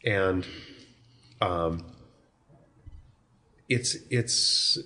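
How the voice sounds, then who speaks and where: A man's voice: low-pitched, very slow, pushed and bright. A man talking as a guest author in an interview, reflective and searching for words, correcting himself as he goes. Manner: thoughtful, searching phrasing with self-corrections.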